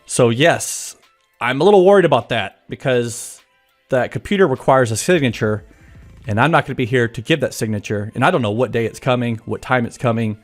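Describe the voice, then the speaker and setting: A man's voice: mid-range voice, animated, brisk, faint music behind. A man hosting a live stream from his home office, chatting casually and jokingly, greeting viewers by name. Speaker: livestream host greeting chat.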